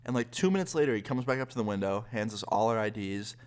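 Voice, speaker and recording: A man's voice: on the low side, lively intonation, fast, a little mellow, clear, resonant tone. A young man telling a story to camera in a casual, chatty way, full of fillers. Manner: chatty, lots of fillers like 'like'. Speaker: vlogger.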